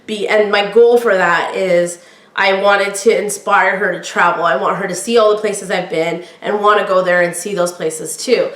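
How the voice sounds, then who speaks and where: Podcast host, middle-aged woman, loud projecting voice, candid chatty storytelling, room echo. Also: medium pitch, normal speed. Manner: candid, chatty, quotes others in lively voices. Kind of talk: personal storytelling.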